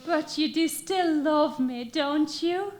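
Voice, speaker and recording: A woman's voice: high voice, takes it slowly, darkish tone. A woman playing an earnest young milkmaid torn between duty and love, acting melodramatically on stage. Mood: melodramatic. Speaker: stage actor. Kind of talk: amateur stage musical acting. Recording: echoey theater stage.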